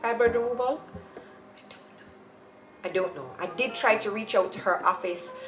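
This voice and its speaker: A woman telling a personal story to camera in a chatty, animated way, acting out the people in it. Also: medium pitch, brisk, roomy sound, loud music behind the voice. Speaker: vlogger.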